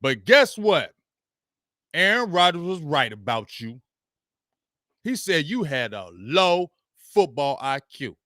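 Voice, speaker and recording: Male host, heated mocking sports rant, bright forceful tone, close dry mic. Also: on the high side, no echo. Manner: heated, mocking, barking dog noises, slangy. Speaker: show host.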